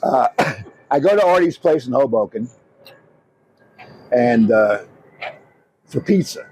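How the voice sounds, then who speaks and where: A man's voice: mid-range voice, animated, takes it slowly, darkish tone, a little hiss or hum. An older man co-hosting a podcast, telling rambling anecdotes in casual chat and swearing often. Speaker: podcast co-host.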